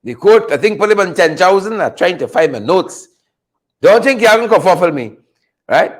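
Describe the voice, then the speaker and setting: A man's voice: sits high, expressive, normal speed. A man hosting a casual political commentary show, teasing, laughing often and repeating his phrases. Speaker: host.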